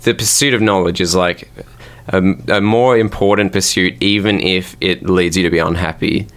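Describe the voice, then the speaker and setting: A man's voice: low-pitched, steady tone, normal speed, fairly bright tone. A young man co-hosting a podcast, musing in a rambling way with many fillers. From Australia. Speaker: podcast co-host. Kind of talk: casual chat.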